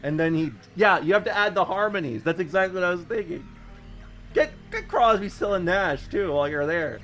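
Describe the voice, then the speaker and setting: A man chatting casually while streaming a video game, rambling and joking with sudden excited yelps. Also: sits high, brisk, faint music behind. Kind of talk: casual gameplay commentary.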